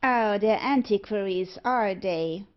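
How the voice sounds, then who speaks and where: A woman doing a shrill cheeky street sweeper. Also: slow pace, dull audio, close to an everyday voice.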